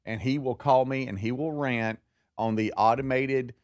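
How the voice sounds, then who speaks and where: A man's voice: medium pitch, steady tone, normal speed, no echo, clean studio sound. A man co-hosting a radio show, teasing and telling stories. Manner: teasing, storytelling. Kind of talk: casual radio banter.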